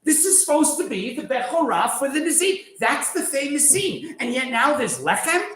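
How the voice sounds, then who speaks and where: A man teaching a class, animated and sarcastic, firing rhetorical questions at his students. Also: high voice, reverberant, rough recording. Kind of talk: lively lecture to students.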